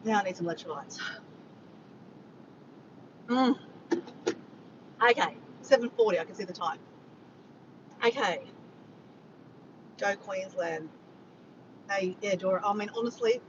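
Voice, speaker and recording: An Australian woman chatting casually and excitably to viewers on a live stream, recorded outdoors on a phone. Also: medium pitch, moderate pace, long pauses, dull audio, slight background noise. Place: outdoors after a walk.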